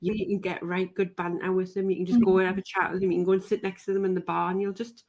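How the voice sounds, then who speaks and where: A woman's voice: mid-range voice, little pitch movement, quick pace, darkish tone. A woman with a Geordie accent hosting a podcast, talking in a friendly, rambling way and laughing easily. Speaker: podcast host. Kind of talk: casual podcast chat.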